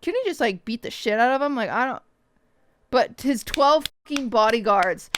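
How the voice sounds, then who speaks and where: A young woman streamer casually telling her viewers a story, swearing freely and quickly mimicking other people's lines. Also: a little high, no echo.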